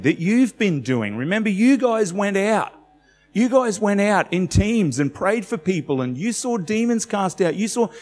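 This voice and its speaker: A man's voice: high voice, a little mellow, big-room sound. A man preaching a sermon in a conversational, emphatic way, telling stories with animation.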